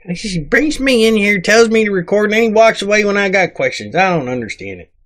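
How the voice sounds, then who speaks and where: A man's voice: sits high, animated, brisk, fairly bright tone. A man voicing a cranky, crude male dwarf sidekick who rambles, mocks and talks in rustic grammar. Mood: grumpy. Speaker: sidekick reading comments. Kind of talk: comedic comment reading.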